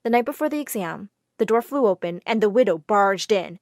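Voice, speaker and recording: A woman narrating a first-person storytime in an expressive, dramatic way. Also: mid-range voice, brisk, no echo, clean studio sound.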